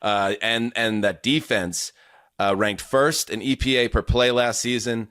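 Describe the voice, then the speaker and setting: A man's voice: medium pitch, fairly even intonation, measured pace, fairly bright tone, clean tone, no room sound, clean studio sound. A man hosting a casual sports podcast, rambling and enthusiastic, often restarting his sentences. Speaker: podcast host.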